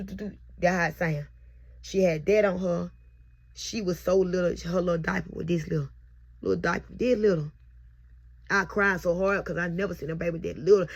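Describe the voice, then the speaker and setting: A young mother recording herself on camera as she tells a heartfelt, repetitive birth testimony. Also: lowish voice. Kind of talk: emotional personal testimony. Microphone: self-recorded on camera.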